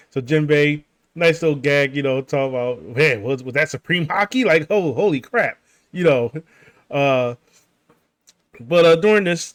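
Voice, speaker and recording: A man's voice: mid-range voice, dry recording. Rambling man with a dry close sound. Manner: rambling, filler-heavy, frequent restarts and chuckles. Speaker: gaming channel host recapping a manga chapter. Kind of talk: casual spoken recap over gameplay.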